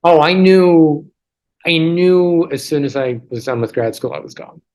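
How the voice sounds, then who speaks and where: A man's voice: fairly high pitch, unhurried, a little mellow, poor audio. Guest, male, 30s: loose, joking, talks in restarts and asides; video-call sound. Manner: chatty, self-deprecating, many restarts and asides. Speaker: interview guest. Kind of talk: casual storytelling over a video call.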